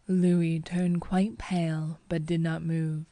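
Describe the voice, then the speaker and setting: A woman reading a first-person audiobook in a measured, even manner. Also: low-pitched. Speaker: audiobook narrator.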